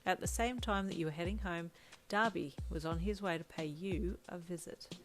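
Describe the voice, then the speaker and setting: A woman narrating a fan story in the second person, with gentle, even storytelling. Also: fairly low pitch, moderate pace, a little hiss or hum. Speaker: fanfiction narrator. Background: lo-fi drum loop.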